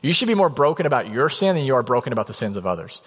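A man's voice: medium pitch, very animated, rapid-fire, husky. A male pastor preaching a conversational sermon in a church, often acting out quotes. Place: church sanctuary. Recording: long hall reverb.

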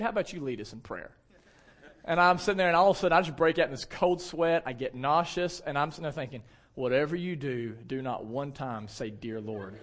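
A man, a pastor preaching a storytelling sermon in a lively, self-deprecating way with casual fillers. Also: high-pitched.

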